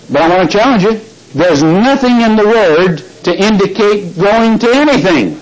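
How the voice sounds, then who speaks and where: A man preaching a Bible teaching sermon, stressing key words slowly and quizzing the congregation with questions. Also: fairly high pitch, expressive, rough recording.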